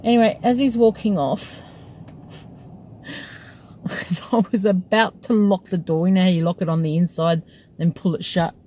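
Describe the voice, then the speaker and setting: A woman's voice: on the low side, steady tone, moderate pace, long pauses, dark tone, slight background noise, low-quality recording. A woman, a taxi driver, telling a story from her night in a casual, chatty way and breaking into laughter often.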